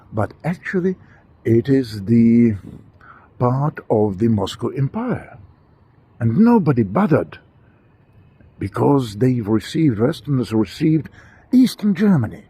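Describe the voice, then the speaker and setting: Man, gravelly voice, animated pitch, halting speech full of fillers, talking while walking outside. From Russia. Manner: halting, with frequent fillers and self-corrections. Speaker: commentator. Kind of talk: walking monologue. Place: outdoors on a city walk.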